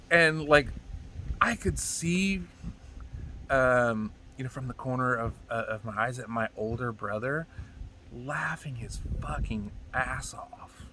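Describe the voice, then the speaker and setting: Bright-voiced man rambling through a story. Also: mid-range voice, measured pace, slight background noise. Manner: rambling, profane, animated retelling. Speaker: comedian telling stories. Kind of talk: casual storytelling monologue.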